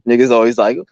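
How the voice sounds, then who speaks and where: A man's voice: mid-range voice, darkish tone, no echo, highs cut off. A man hosting a livestream, ranting in a rambling, profane, combative way from his computer mic. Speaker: livestream host. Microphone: laptop or computer mic, no headphones.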